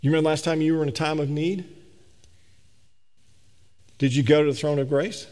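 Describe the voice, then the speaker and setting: A man preaching a sermon, swinging between emphatic raised peaks and slow, low scripture reading. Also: fairly even intonation, mellow. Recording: long reverb of a large hall.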